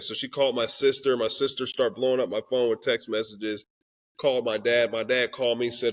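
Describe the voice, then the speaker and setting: A young man talks earnestly and with feeling in a candid interview, pitched at a middle level. He drops into the voices of the people in his story as he tells it, and his delivery stays open and heartfelt. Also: level tone, normal speed. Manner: earnest and emotional, acts out quoted dialogue. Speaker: podcast guest, Christian rapper.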